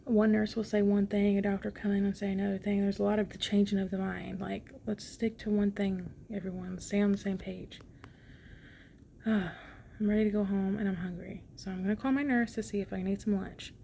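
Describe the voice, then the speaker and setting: A young woman talks into her phone from a hospital room in an easy, rambling way, full of ums and likes. Her voice is gravelly and stays flat, with a worn-out, slightly grouchy edge. A faint hum sits under the recording. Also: medium pitch, brisk, hardly any pauses. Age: young adult. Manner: chatty, tired and a bit grouchy, lots of fillers. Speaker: vlogger. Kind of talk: casual hospital update vlog.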